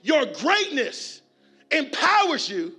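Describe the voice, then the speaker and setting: A man delivering a motivational keynote to a conference crowd, preacher-style, with call and response and shouted refrains. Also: extremely high pitch, huge pitch swings, slow pace, faint music behind. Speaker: keynote speaker. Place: large conference hall with audience.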